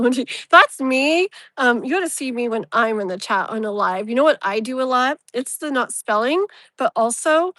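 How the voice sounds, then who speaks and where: Animated and bright, with a forceful tone at normal speed, a slightly high-voiced woman does a livestreamed tarot reading. She rambles loosely with plenty of "like" and "you know," soothing the viewer affectionately with pet names. The audio is close and dry, with no room echo.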